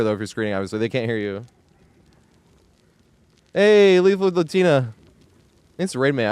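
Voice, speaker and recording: A man's voice: mid-range voice, dry recording. Exasperated swearing man on a dry mic. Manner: exasperated ranting with frequent swearing; yells at the screen in bursts. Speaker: game streamer. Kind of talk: live gameplay commentary.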